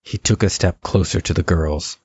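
A man giving steady, scripted story narration. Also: low voice, moderate pace, husky, dry recording. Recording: dull lo-fi recording.

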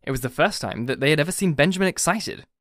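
A man narrating an audiobook with steady, even reading. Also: on the high side, quick pace, no echo, studio quality. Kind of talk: scripted narration.

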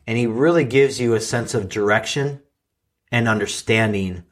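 A man's voice: mid-range voice, normal speed. A man hosting a life-coaching podcast, telling his own story in an earnest, emotional way with frequent halts and restarts.

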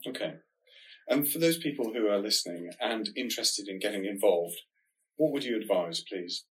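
A man with a somewhat low, nasal voice, talking things through on a podcast. He explains calmly and steadily, in a measured, reassuring tone. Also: low-quality recording. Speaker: diabetes research podcast co-host.

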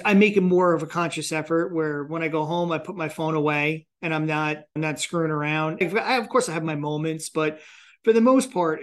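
A man in his thirties hosting a podcast interview, speaking candidly and reflectively and acting out his own thoughts in quick asides. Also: fairly high pitch, a bit bright. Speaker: podcast host and financial advisor. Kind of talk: casual conversational interview.

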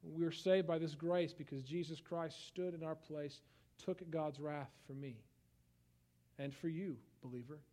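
A young man preaching a sermon in a conversational style, swinging from hushed tones to loud outbursts. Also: fairly high pitch, fairly even intonation, a little slow. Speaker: pastor.

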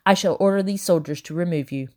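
A woman's voice: lowish voice, quick pace, dark tone, natural voice. A woman reading as a stern officer. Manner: stern, formal and clipped. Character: stern male patriot officer making an arrest.

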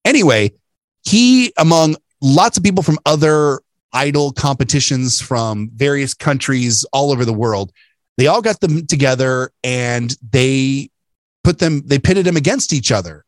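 A man's voice: mid-range voice, animated, a little slow, dry recording. Man, podcast co-host, casual chat, jokey and chatty, dry close sound. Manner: chatty, jokey, lots of laughing.

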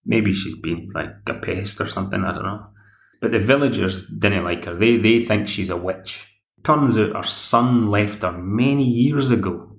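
A man's voice: on the low side, normal speed, vocal fry, echoey room. A Scottish man hosts a podcast, recapping a TV episode in a chatty, rambling way. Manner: chatty, rambling, plays the characters' lines himself. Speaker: podcast host.

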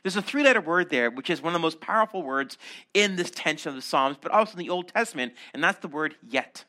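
Male pastor, sermon, high voice, bright tone, animated teaching. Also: fast talker.

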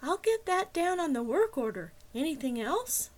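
A woman's voice: high voice, voice pushed up. A woman doing a bored, nasal phone dispatcher. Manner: flat, bored, unhurried. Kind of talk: audiobook character reading.

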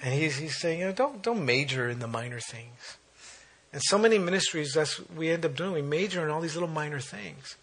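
A man preaching a sermon, reading scripture aloud and breaking off into animated exclaims. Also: a little high, a little fast, slightly rough.

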